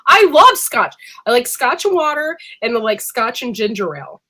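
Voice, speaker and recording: A woman's voice: fairly high pitch, big pitch swings, normal speed, sharp tone, breathy edge. A woman hosting a casual live-stream chat from home, sick and coughing, chatty and laughing often. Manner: chatty, laughing, says freaking a lot. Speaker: host.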